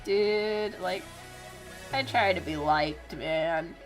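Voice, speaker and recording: A young adult woman streamer tells a story casually, her voice sitting low and moving very slowly over soft background music. She sounds exasperated and profane, breaking into laughing squeals.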